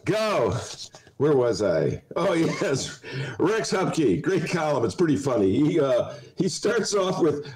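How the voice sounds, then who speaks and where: A man's voice: medium pitch, slow, low-quality recording. Guy hosting a talk show, cracking himself up, voice jumping way up and down. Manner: animated, digressive, often breaking into laughter. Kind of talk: casual comedic commentary.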